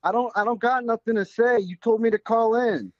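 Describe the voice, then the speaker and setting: Male caller, unsure and halting, dry muffled phone-in sound. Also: very high voice, no room sound. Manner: hesitant, stammering restarts. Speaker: caller, fellow comedian. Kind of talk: casual phone-in chat.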